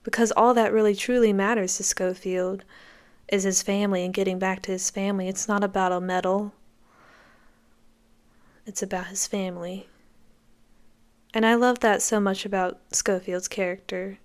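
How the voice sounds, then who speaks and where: A woman's voice: medium pitch, fairly even intonation, moderate pace, pauses often, clean tone. A woman hosting a podcast, giving enthusiastic, conversational commentary as she reacts to a film. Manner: enthusiastic, conversational, reacting to scenes as they play. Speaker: podcast host.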